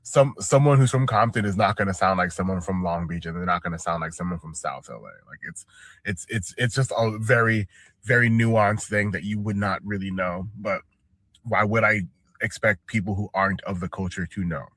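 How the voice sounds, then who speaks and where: A man with a low voice talks casually, sounding exasperated. The recording is dry and close. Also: normal speed, a bit bright, no room sound. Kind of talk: casual commentary.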